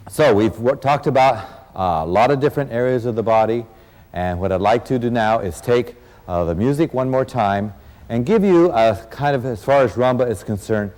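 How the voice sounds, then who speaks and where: A man's voice: lowish voice, darkish tone, big-room sound. A man teaching a dance lesson as an instructor, counting beats aloud and encouraging his students. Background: rumba music.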